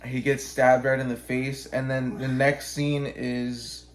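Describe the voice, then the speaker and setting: Give me a man in casual chat with a mid-range voice. He tells a rambling, profane story, leans on "like" and restarts, and jumps into quick character voices. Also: medium pitch, level tone, a little hiss or hum. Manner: acts out characters with quick voice changes.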